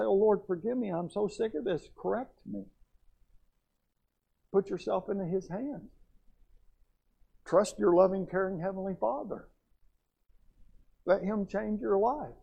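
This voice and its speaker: A man preaching a sermon in a church, fervent, swinging between loud and quiet. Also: high voice, vocal fry, breathy edge, highs cut off. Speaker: pastor.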